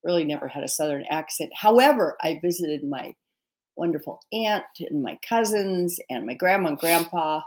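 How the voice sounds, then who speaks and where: A woman's voice: deep voice, animated, normal speed, a little mellow. A woman co-hosting a church service, chatting casually and then reading a Bible passage aloud. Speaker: scripture reader, co-host.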